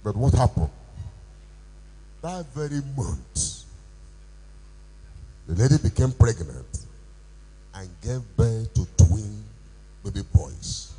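A male pastor preaching a sermon with call-and-response questions, rising to shouts. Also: on the low side, sing-song, takes it slowly, pauses often, a little hiss or hum, rough recording. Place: church.

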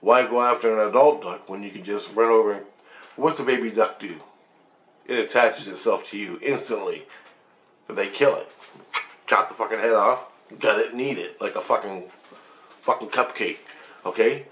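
A man's voice: fairly low pitch, moderate pace, long pauses, a bit bright, a little hiss or hum. Man, blunt profane storyteller, rambling vlog delivery. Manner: profane, blunt, with frequent restarts. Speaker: vlogger sharing spiritual experiences.

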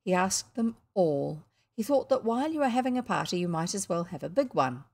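A woman with a New Zealand accent reading a classic children's story aloud, expressive with the odd slip and restart. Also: medium pitch, a little fast. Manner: expressive, occasional slips and restarts. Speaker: audiobook reader.

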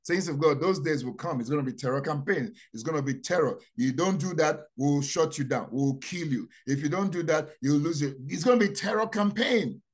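A man preaching a sermon, repeating key phrases and asking rhetorical questions, dropping to quiet asides then rising to loud proclamations. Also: fairly quick, hardly any pauses. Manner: dramatic, swings from low asides to loud proclamations.

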